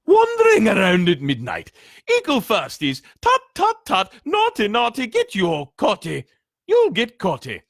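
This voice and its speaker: A man voicing a mischievous male poltergeist in a shrill, taunting sing-song. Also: wildly swooping pitch, a little slow, a bit bright, dry recording, clean studio sound, heavily acted.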